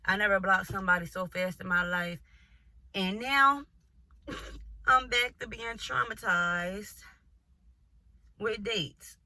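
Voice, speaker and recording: A young woman tells a storytime to her vlog audience, animated and profane, and she laughs often. Her voice is bright and sits at a middle pitch. The sound is dry and close, with no room in it. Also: takes it slowly, pauses often, dry recording. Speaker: vlogger.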